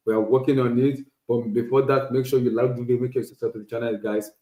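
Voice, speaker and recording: A man hosting a casual solo football talk stream, animated and repetitive, often restarting phrases. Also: medium pitch, fast talker, reverberant, poor audio. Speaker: podcast host. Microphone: streaming setup.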